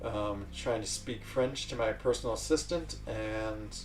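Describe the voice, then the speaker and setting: Give me a casual male livestream host who rambles and laughs, recorded off-mic with soft music under him. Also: on the low side, measured pace, distant mic. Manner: rambling, chatty, laughs often.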